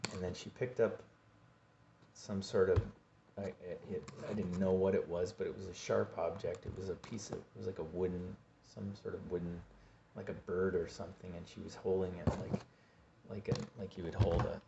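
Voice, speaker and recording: Male vlogger, low register, halting personal storytelling with repeated words, muffled lo-fi sound. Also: little pitch movement, creaky, background noise. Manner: halting, repeats words, acts out his own pleas. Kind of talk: personal story told to camera. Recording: dull lo-fi recording.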